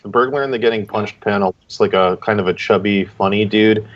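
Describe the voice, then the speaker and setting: Guest-judging comic entries on a livestream over a video call, a man gives casual, rambling critique heavy with filler. His voice is on the low side and fairly quick, and the stream audio is dull and lo-fi.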